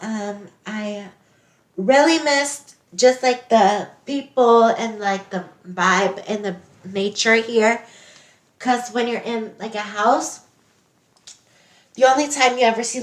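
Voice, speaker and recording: A woman voicing a young reality-show winner who is fussy about her clothes, using a put-on South African accent and speaking earnestly with many pauses and ums. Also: mid-range voice, fairly bright tone. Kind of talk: role-play interview. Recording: roomy, distant from the mic.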